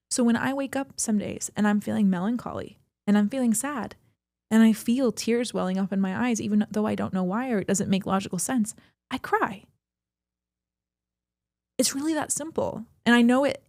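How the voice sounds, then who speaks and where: A woman's voice: medium pitch, a little mellow, dry recording, clean studio sound. A young adult woman co-hosting a podcast, talking earnestly and reflectively about her feelings in a flowing, emphatic way. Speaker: podcast co-host. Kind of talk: reflective personal talk.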